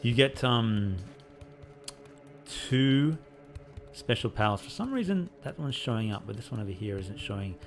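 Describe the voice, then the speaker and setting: A man casually talking through a playthrough of the game he is developing, relaxed and rambling with lots of fillers. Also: medium pitch, normal speed, long pauses, soft background music. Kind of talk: casual gameplay devlog commentary.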